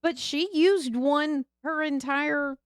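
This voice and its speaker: A woman's voice: high voice, slow, no room sound, clean studio sound. A woman co-hosting a casual commentary chat, chiming in with short remarks. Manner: brief interjections, often laughing along. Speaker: co-host.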